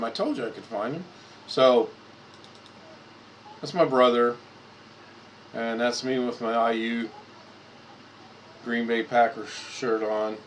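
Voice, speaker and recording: A man's voice: mid-range voice, slow, long pauses, slight background noise, rough recording. A man hosting a casual live stream, rambling and repeating words as he clicks through photos at his computer.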